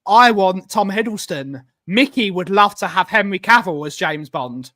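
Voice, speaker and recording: A man from London co-hosting a casual fan podcast, telling stories excitedly. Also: high-pitched, normal speed, dry recording. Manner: excitable storyteller. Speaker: podcast co-host. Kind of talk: casual chat.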